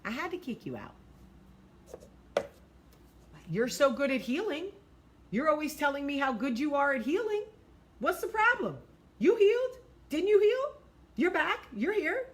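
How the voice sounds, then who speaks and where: A woman voicing a smug, manipulative male narcissist partner, with a mocking, condescending tone and her voice pitched up. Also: big pitch swings, moderate pace.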